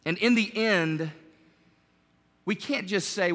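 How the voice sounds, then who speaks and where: A man preaching a sermon as pastor, animated and conversational, joking with his congregation. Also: sits high, takes it slowly, long pauses, long reverb tail.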